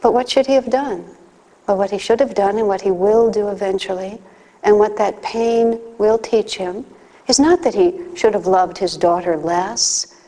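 A woman's voice: medium pitch, moderate pace, dark tone. Woman giving a spiritual talk in a hall. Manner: conversational, with acted asides and anecdotes. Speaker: spiritual teacher. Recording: long hall reverb.

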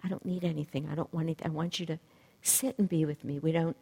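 A woman doing a serene, soft-spoken holy master. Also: deep voice, fairly even intonation, fast, breathy edge. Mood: calm. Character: calm saintly male master, gentle and serene.

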